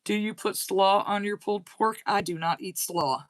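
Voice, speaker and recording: A woman's voice: medium pitch, normal speed, no room sound. A woman with a slight Southern US accent hosting a casual livestream chat, reading and answering viewer comments aloud. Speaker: crochet channel host.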